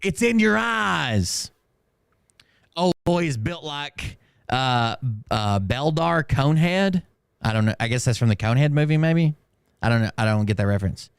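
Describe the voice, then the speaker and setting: A man's voice: on the high side, expressive, moderate pace, vocal fry, smooth, dry recording, clean studio sound. Sarcastic man reading comments aloud. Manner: sarcastic, laughs often, reads comments aloud. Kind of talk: casual mocking commentary.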